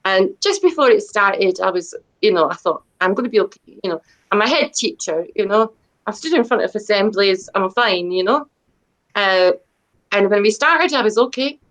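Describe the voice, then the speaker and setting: A woman's voice: medium pitch, lively intonation, normal speed, fairly bright tone, poor audio. A middle-aged woman, a debut author chatting as an interview guest, talking in a rambling, self-deprecating way with many fillers and restarts. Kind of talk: casual interview chat.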